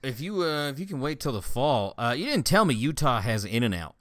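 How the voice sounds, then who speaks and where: A man's voice: medium pitch, a little fast, no room sound, studio quality. A man telling stories in a casual, profane chat with a friend, often laughing. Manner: profane, laughing, animated storytelling. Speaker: friend chatting.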